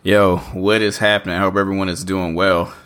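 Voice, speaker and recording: A male co-host with a very low voice and a bright, forceful tone. He chats in a laid-back way, peppering his talk with fillers and soft laughs. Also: level tone, fairly quick, smooth. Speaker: podcast co-host. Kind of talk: casual chat.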